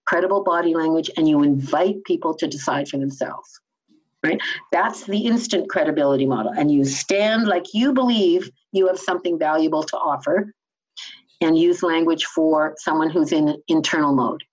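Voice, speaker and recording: Woman from Canada, communication trainer type, enthusiastic and a bit loud, slightly dull recording. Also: sits low, normal speed. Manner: enthusiastic, lively, teacherly. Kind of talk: explaining in a conversational interview.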